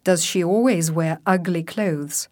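A woman reading English vocabulary drills aloud as a teacher, saying each word and example sentence slowly and deliberately. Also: fairly low pitch, a little mellow, no echo, studio quality. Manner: clear, deliberate word-by-word enunciation.

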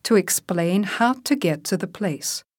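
A woman reading English vocabulary drills aloud as a teacher, saying each word and example sentence slowly and deliberately. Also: medium pitch, lively intonation, dry recording, studio quality. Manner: clear, deliberate word-by-word enunciation.

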